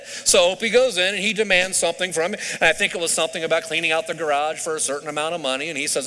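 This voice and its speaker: A man preaches in a high, bright voice, chatting with his congregation and tossing questions to them. His words ring out through a large hall with a long reverb. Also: fast talker, few pauses. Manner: conversational, asks the congregation questions. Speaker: pastor. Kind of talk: sermon.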